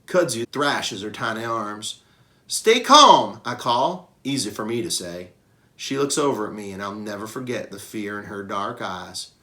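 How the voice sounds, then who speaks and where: A man reading a children's novel aloud with expressive narration. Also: fairly low pitch, normal speed. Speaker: reader. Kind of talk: storybook read-aloud.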